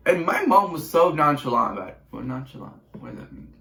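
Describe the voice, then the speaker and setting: A man's voice: fairly high pitch, big pitch swings, fast, gravelly, music in the background. A teenage boy YouTuber telling a casual storytime vlog with chatty, sarcastic asides and rambling restarts. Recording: roomy echo.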